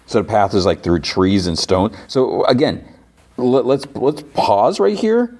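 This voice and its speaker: A man's voice: lowish voice, expressive, measured pace, dark tone. A podcast host chatting casually, rambling with lots of "like" and restarts as he recaps.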